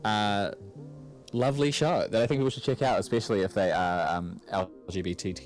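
A man's voice: fairly low pitch, fairly even intonation, brisk. A man talks casually in a radio studio, filling his sentences with ums and uhs. Faint music plays underneath. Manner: chatty, many ums and uhs. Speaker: TV reviewer guest.

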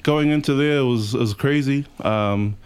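A man in his thirties with a New Zealand accent, a rapper chatting as a guest in a radio studio, relaxed and rambling with lots of fillers. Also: mid-range voice, measured pace, clean tone. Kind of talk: casual interview chat.

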